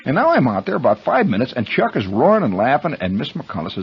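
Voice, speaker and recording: A radio host tells his listeners, whom he calls friends, a long wandering tale in a medium-pitched, gravelly and husky voice. He talks a little fast with few pauses and wildly swooping pitch, heard through a muffled old-time broadcast.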